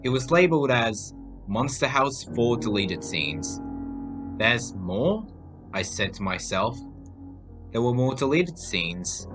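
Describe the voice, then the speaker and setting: A man narrating a homemade horror story aloud. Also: mid-range voice. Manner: reading aloud, animated. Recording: faint music behind voice.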